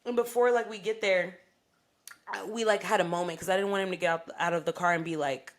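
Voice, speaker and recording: Animated, profane young woman telling a story. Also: lowish voice, quick pace. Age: young adult. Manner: animated, profane, rising into re-enacted anger. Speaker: podcast co-host. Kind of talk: casual storytelling chat.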